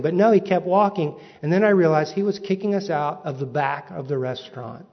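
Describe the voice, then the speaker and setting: A man preaching, telling a humorous personal story with lively comic timing. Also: fairly high pitch, fast talker, few pauses. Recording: dull recording in a reverberant hall.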